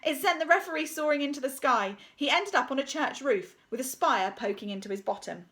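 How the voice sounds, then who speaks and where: A woman reads a children's story aloud in a playful way. She voices the sound effects herself and drops in jokey asides, in a fairly high voice. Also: expressive, fairly quick, fairly bright tone.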